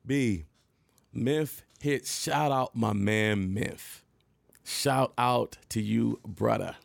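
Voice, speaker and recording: A man in his thirties casually telling an animated story to camera, laughing and jumping high when he quotes himself. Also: extremely slow, creaky, no echo. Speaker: vlogger.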